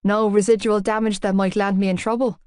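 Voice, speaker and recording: A woman's voice: mid-range voice, level tone, fairly quick, darkish tone, smooth, dry recording, studio quality, close to an everyday voice. A woman reading an audiobook, voicing a confident young rugby player who talks in an easy, teasing way. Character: cocky, calm young Irish rugby player. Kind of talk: audiobook character voice.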